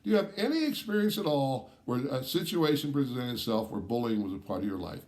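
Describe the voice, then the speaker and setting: A man's voice: mid-range voice, lively intonation, a little fast, darkish tone. A man teaching a course, explaining its requirements step by step and often checking in with "all right?", stressing key points. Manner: emphatic, stresses key words. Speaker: course instructor.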